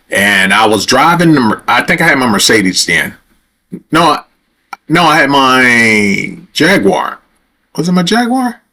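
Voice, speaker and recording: A livestream host with a bright, forceful, medium-pitched voice tells his viewers a rambling, conversational story directly. As he retells a confrontation, he gets heated and starts swearing.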